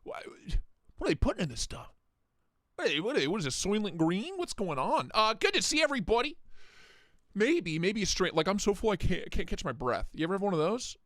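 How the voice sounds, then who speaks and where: A man's voice: high-pitched, big pitch swings, fairly quick, fairly bright tone, no room sound, studio quality. A man hosting a casual livestream, joking and rambling as he greets viewers by name. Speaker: livestream host.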